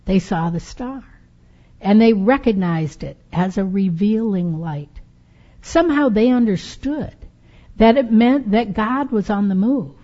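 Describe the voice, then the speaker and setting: A woman telling a story aloud in a sermon, with a slow, dramatic, expressive delivery. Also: mid-range voice. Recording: dull lo-fi recording.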